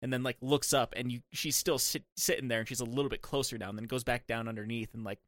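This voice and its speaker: A man's voice: medium pitch, fairly even intonation, quick pace, a bit bright, no echo, clean studio sound. A young man co-hosting a podcast, rambling in casual chat with many "like" fillers. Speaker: podcast co-host.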